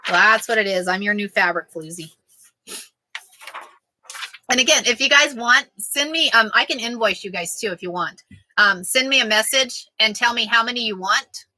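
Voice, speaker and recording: A chatty woman hosts a casual quilting chat, cracking jokes and answering viewers by name. Her voice sounds very bright and sits a little high. The sound is dry and close, with no room echo. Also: normal speed. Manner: chatty, jokey, reads out sayings and answers viewers. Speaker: quilting vlogger.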